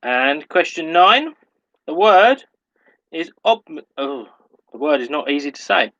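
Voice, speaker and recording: Reading out questions for a pub quiz, this host takes an unhurried, careful pace and says every question twice so the players keep up. His animated voice is bright, forceful and fairly high, he laughs at himself when tongue-tied, and the audio's highs are cut off.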